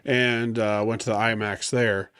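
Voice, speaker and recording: A man's voice: lowish voice, flat delivery, measured pace, a bit bright, smooth, no room sound. A man co-hosting a podcast, chatting casually and joking about growing up with computers. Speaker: podcast co-host. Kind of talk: casual chat.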